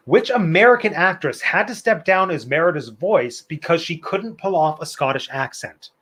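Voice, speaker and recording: A man's voice: on the high side, lively intonation, normal speed, a bit bright, slightly rough. A man hosting a live online trivia night, reading out questions and answers in a chatty, playful way with opinionated asides. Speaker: trivia host.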